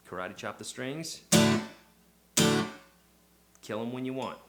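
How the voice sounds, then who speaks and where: A man's voice: medium pitch, animated, measured pace, pauses often. A man teaching a casual guitar lesson, chatty and encouraging, counting beats aloud as he goes. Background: his own acoustic guitar playing.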